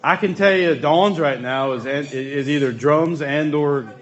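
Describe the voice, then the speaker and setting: Man, youth group leader, casual church talk, slightly high voice, lo-fi recording. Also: a little slow. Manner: chatty, asks the group questions.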